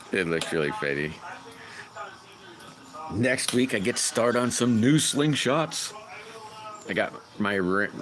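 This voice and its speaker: A man casually chatting with viewers on his livestream, rambling and greeting people by name. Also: deep voice. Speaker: livestream host.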